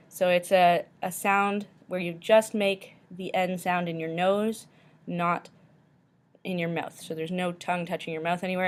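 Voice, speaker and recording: A woman teacher giving a recorded pronunciation lesson, modeling each word slowly and carefully, often saying it twice. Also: on the low side.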